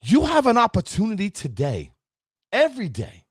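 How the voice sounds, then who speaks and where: Animated New man giving a pep talk. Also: high voice, moderate pace, pauses often, slightly rough, no room sound, clean studio sound. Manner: animated, preachy, talks to the audience directly. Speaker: motivational show host and town councilman. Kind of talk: motivational talk.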